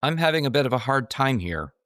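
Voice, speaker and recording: A man's voice: medium pitch, very animated, quick pace, a bit bright, dry recording, clean studio sound, voice pushed up. A man voicing a frightened elderly woman who speaks politely and apologetically in a shaky voice. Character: frightened elderly woman stuck floating in a pool.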